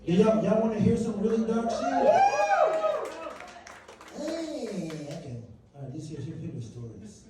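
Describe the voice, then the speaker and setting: A man doing a stand-up set on a club stage, bantering with the audience, swinging between loud bursts and low mutters. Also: animated, a little slow, long pauses, very noisy. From Virginia. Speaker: stand-up comedian. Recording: echoey club recording from far off, loud crowd. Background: audience laughter.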